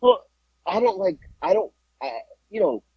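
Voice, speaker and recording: A man with a rough, breathy voice tells a story on a podcast in loose, casual chat. His pitch jumps around a lot as he rambles and restarts, and the sound is dry and slightly muffled, like a low-fi home recording. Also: animated, moderate pace, no room sound. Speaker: podcast host.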